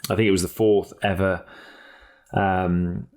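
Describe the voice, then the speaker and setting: A man co-hosting a cycling podcast in casual chat, blunt and energetic, swearing freely and often restarting his sentences. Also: sits low, a little slow. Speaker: podcast co-host and cycling pundit.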